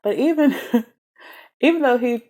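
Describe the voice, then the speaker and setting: A woman's voice: sits high, measured pace. A woman giving a casual, chatty book review, talking animatedly and laughing often between thoughts. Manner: animated, chatty, giggly, many fillers.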